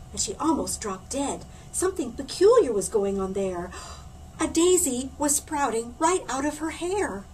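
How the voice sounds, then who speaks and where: Woman story reader, high voice, lively swooping delivery, sounds a bit away from the mic, faint background noise. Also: recorded from a distance, low-quality recording. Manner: lively, expressive storybook reading with put-on voices. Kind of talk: reading a picture book aloud to children.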